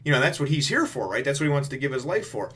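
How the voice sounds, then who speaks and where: A man's voice: mid-range voice, very animated, fast talker, sharp tone, breathy edge. A man reviewing a comic chapter in casual, rambling commentary, full of restarts and "you know".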